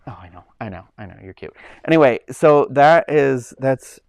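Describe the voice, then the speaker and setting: A man's voice: medium pitch, animated, moderate pace, vocal fry, clean tone, dry recording. A man hosting a casual livestream from home, rambling loosely with lots of likes and ums. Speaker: livestream host. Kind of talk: casual chat.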